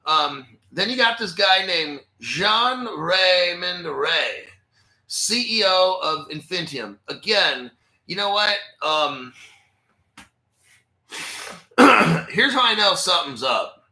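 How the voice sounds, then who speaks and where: A man's voice: sits high, very animated, slow, pushed and bright. A man hosting a crypto channel, rambling in a profane, conspiratorial way and talking back to himself while sharing his screen. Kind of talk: rambling screen-share commentary. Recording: echoey room.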